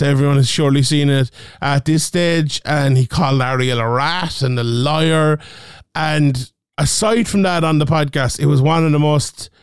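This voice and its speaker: A man's voice: a little high, smooth, no echo, studio quality. A man hosting an MMA podcast, talking animatedly, laughing often and swearing freely. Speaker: podcast host. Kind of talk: casual MMA podcast chat.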